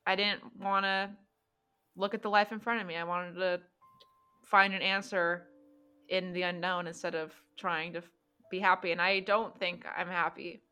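A woman voicing a weary, regretful monster hunter who speaks in halting, hesitant confessions. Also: on the low side, level tone, bright, forceful tone, clean tone, soft background music. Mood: wistful.

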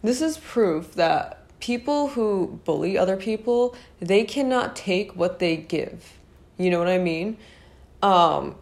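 Chatty young woman, slightly low voice. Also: a little mellow. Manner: chatty, rambling, full of fillers and asides to viewers. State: losing her voice. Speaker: vlogger telling a personal story. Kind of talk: casual storytime monologue.

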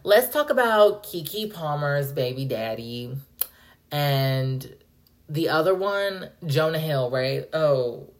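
Woman, young adult, low pitch, podcast host, profane, rambling. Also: takes it slowly. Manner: profane, animated, rambling with frequent "like". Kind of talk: casual solo podcast rant.

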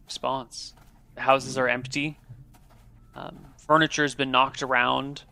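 A man's voice: medium pitch, flat delivery, slow, creaky, sharp tone, smooth. A man narrating a tabletop game as game master, describing scenes in loose, improvised narration.

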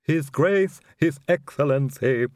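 A man's voice: fairly high pitch, slow, darkish tone, dry recording, studio quality, pitched above the performer's own voice. A man voicing a dutiful old manservant to a vampire, with an odd, hollow timbre and a formal, announcing manner.

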